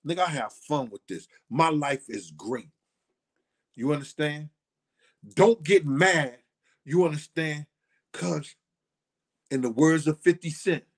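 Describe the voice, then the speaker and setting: A middle-aged man with a fairly high-pitched voice delivers a casual, blunt monologue. He talks profanely and leans on repeating words and phrases for emphasis. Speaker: host.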